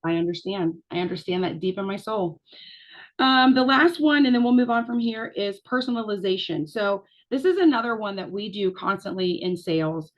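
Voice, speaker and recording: A woman's voice: mid-range voice, lively intonation, moderate pace, dull audio. A woman giving a casual coaching talk, chatty, with lots of fillers and restarts.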